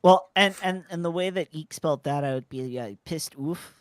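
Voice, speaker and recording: A man's voice: on the high side, fairly quick, clear, resonant tone, dry recording, clean studio sound. A man from Canada with a Canadian accent, joking and explaining casually while gaming over voice chat. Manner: laid-back, joking, explains with examples.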